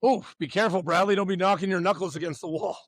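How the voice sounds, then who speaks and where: Upbeat male pitching coach, slightly high voice, teasing, shouting cues, dry room. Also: steady tone, fast, no room sound. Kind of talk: coaching a youth warm-up.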